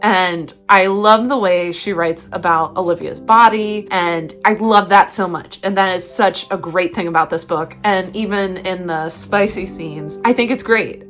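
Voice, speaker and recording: A young woman giving a casual book review, chatty and animated, with frequent laughs and fillers. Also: lowish voice.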